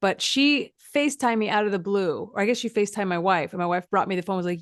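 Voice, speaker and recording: A woman's voice: mid-range voice, quick pace, dry recording. Playful woman podcast host, dry sound. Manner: chatty, playful, laughs often. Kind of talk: casual interview chat.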